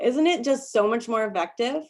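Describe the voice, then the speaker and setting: A woman with a slightly high, mellow, expressive voice runs a casual workshop over a video call at a moderate pace. She's chatty as she coaches, laughing often and restarting her sentences again and again.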